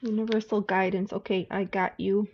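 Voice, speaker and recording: A woman's voice: mid-range voice, level tone, normal speed. A woman hosting a casual livestream of card readings, chatty and greeting viewers by name. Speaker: livestream tarot reader. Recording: dull lo-fi audio with faint hiss.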